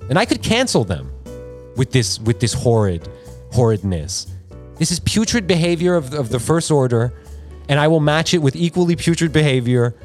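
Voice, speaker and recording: Animated ranting podcast man. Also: on the high side. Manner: animated, irritated, profane ranting. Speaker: podcast host. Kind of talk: casual podcast rant. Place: podcast studio.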